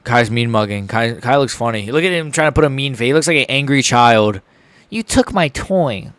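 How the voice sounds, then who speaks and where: A man's voice: mid-range voice, a little fast, a bit bright, clear, resonant tone, no echo. Young guy chatting on his live stream, tripping over his words, dry close mic, mid voice. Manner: rambling, stumbling over words. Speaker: livestream host. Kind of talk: casual live reaction chat.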